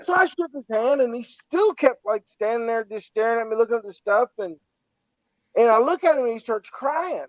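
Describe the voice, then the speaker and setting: A man's voice: extremely high pitch, lively intonation, moderate pace, no echo. A man telling a heartfelt story in a rambling, casual way on a podcast. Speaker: podcast co-host. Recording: dry, muffled lo-fi audio.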